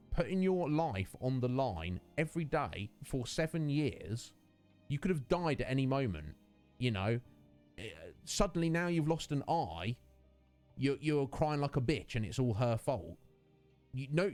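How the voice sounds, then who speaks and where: A man's voice: mid-range voice, a little mellow. A man streaming a video game, chatting casually and rambling through a rant with lots of fillers. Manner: rambling, ranting, many fillers.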